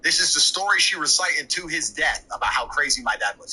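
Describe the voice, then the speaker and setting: Telling a casual story as a podcast guest, a brash man in his thirties swears freely and rattles off his anecdote fast. He speaks on the high side with lively intonation, sounding pushed, bright, and breathy at the edges. The audio quality is poor.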